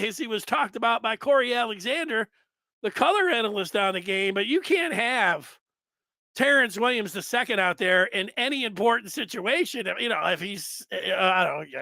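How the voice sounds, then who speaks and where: A man with a very high, gravelly voice picks apart a basketball loss in a rambling, exasperated monologue. His tone is bright and forceful, and the sound is dry and close, with no room around it. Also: no room sound. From United States. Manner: exasperated, rambling analysis with rhetorical questions. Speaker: sports show host. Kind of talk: postgame call-in style sports talk.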